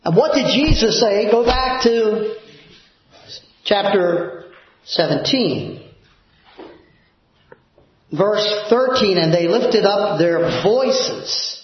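A male pastor preaching a sermon in a church, emphatic, dropping low and soft for prayers. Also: lively intonation, very slow, long pauses. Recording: very echoey, dull church recording.

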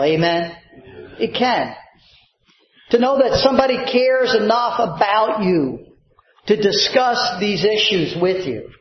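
A man's voice: high voice, roomy sound, muffled recording. A man preaching a sermon as a pastor, stretching out key words and calling for amens. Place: church sanctuary.

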